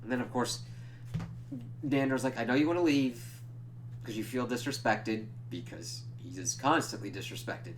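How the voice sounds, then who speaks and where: Profane, animated man recapping a show. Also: mid-range voice, normal speed, a little hiss or hum. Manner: animated, profane retelling with quoted lines; stumbles over words and laughs at himself. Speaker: TV reviewer. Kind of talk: casual episode recap.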